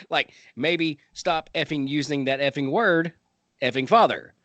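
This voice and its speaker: A man's voice: on the high side, expressive, takes it slowly, sharp tone, dry recording, highs cut off. A man co-hosting a podcast who talks in a rambling, easygoing way. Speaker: podcast co-host. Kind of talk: casual chat.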